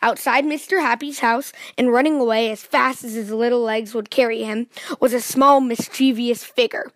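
A woman with a high, bright voice reads a children's storybook aloud. She tells it in a lively way and turns to her young listeners with questions. The sound is dry and close, with little room. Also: normal speed, no room sound.

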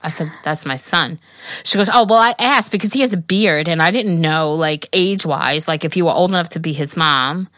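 A woman's voice: sits low, a little fast, no echo, clean studio sound. A woman in her forties co-hosting a podcast, telling a story with lots of swearing and acted-out quotes. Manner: animated storytelling, swears freely, acts out quotes. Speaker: podcast co-host. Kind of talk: casual chat, telling a story.

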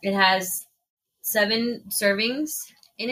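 A woman's voice: mid-range voice, normal speed, bright, forceful tone, slightly rough. A woman co-hosting a podcast, chatting casually and swearing as she taste-tests food and reads out prices. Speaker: podcast co-host. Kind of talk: casual chat while taste-testing food. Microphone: podcast mic in a shared room.

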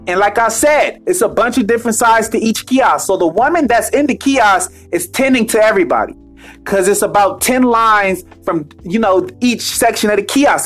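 A man's voice: sits high, a bit bright. A man telling a casual story as an exasperated, profane rant, repeating phrases for emphasis.

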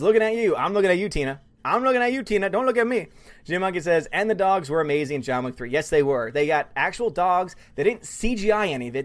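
A man hosts a casual live stream, reading viewer comments aloud and reacting to each one. He talks fast and excitably and gushes with enthusiasm. His voice sits a little high for a man. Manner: fast-talking, excitable, gushing. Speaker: livestream host reading chat; student and musical theater performer.

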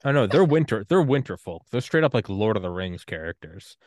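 A man's voice: on the low side, brisk, dry recording, studio quality. A man from Georgia, hosting a podcast in casual chat and telling stories with lots of swearing and acted-out quotes. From US state of Georgia. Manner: profane, animated storytelling with acted-out quotes. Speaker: podcast host.

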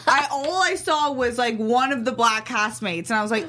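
A woman's voice: on the high side, normal speed, a bit bright, a little hiss or hum. A woman co-hosting a casual podcast chat. She talks animatedly and breaks into laughter easily. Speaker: podcast co-host. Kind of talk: casual chat reviewing a comedy show.

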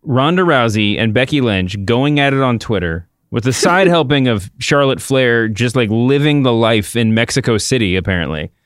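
A man's voice: mid-range voice, animated, normal speed, few pauses, clear, resonant tone, no room sound, studio quality. A man hosting a wrestling podcast in casual chat, rambling and restarting his sentences. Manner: rambling, self-interrupting. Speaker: podcast host.

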